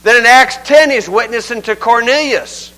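An older man preaching in a homespun, talky way, leaning hard on his points. His voice sits high for a man and rings bright and forward. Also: normal speed, rough recording. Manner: folksy, conversational, emphatic. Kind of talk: sermon.

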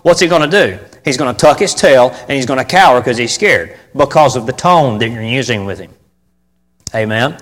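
Long hall reverb surrounds a man whose voice is medium in pitch and slightly bright. He is a preacher delivering a casual sermon on church music, talking conversationally, stressing key phrases through repetition, and prompting the room to answer back.

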